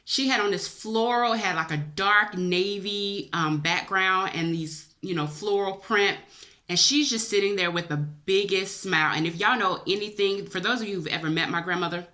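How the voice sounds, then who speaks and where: A woman's voice: medium pitch, moderate pace, bright, forceful tone. A woman vlogger, emotional and chatty, tells viewers a personal dream story, teary-eyed and calling them y'all.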